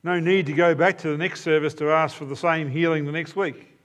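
A man's voice: fairly high pitch, steady tone, brisk, a bit bright. A man preaching a sermon in an earnest, emphatic way, often repeating key phrases. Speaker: pastor.

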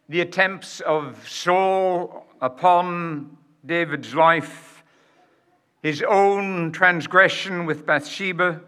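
A man preaching a sermon in a slow, emphatic way, with dramatic pauses and rhetorical questions to the congregation. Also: sits high, pushed and bright.

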